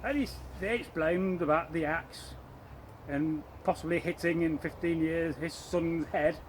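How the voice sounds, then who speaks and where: A man telling an old folktale aloud to listeners, lively and rambling, correcting himself as he goes. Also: on the high side, measured pace, a little hiss or hum, rough recording. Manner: speaks to listeners, points to props. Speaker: storyteller. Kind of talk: live oral folktale telling.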